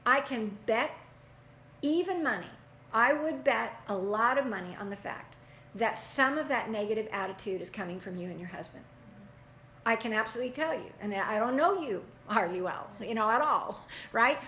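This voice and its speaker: A middle-aged woman teaching a group of parents in a lively, animated way, often acting out what parents say and laughing. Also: a little high, normal speed. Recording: echoey room, faint background noise.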